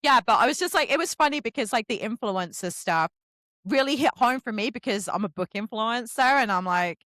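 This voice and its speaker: An English woman hosting a casual book podcast, animated and profane, often laughing as she talks. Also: fairly high pitch, brisk, no room sound. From England. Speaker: podcast host and book influencer. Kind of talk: casual chat.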